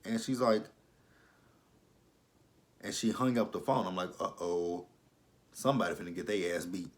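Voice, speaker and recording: Low-voiced male vlogger, casual and blunt. He recaps episodes with swearing and disbelieving asides. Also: moderate pace. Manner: blunt, profane, incredulous asides. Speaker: TV episode reviewer.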